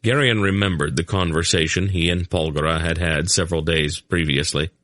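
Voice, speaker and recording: A man with a low voice narrates a fantasy audiobook, telling the story in a steady, measured way. The recording is dry and of studio quality.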